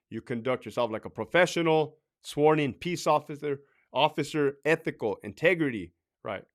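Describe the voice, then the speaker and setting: A man's voice: on the high side, a bit bright. A man who used to be a correctional officer, giving blunt, profane advice in a casual talk and ending many points with "right?".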